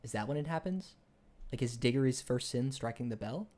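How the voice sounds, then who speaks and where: A man's voice: mid-range voice, expressive, a little fast, darkish tone. Young man rambling through a story. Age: young adult. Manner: rambling retelling with many restarts and fillers. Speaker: podcast co-host. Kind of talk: casual book discussion.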